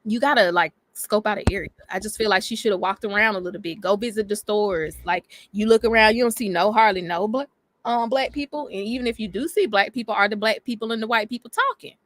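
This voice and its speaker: A woman's voice: medium pitch, fast, a little hiss or hum. A woman co-hosting a casual livestream chat, blunt and joking, swearing freely. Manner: blunt, joking, profane banter. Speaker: podcast co-host.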